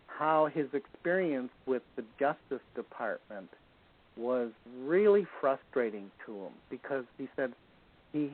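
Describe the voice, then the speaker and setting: A man shares stories as a guest, relaxed and anecdotal, with a habit of chuckling as he goes. His voice sits at an average pitch for a man. It comes through a narrow, phone-like line. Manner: chuckles while telling stories. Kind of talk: casual anecdotal storytelling.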